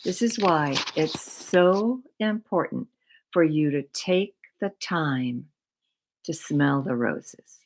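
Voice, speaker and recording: A middle-aged woman giving a slow, reflective talk on mindful living, repeating words with long pauses. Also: deep voice, slight background noise, low-quality recording.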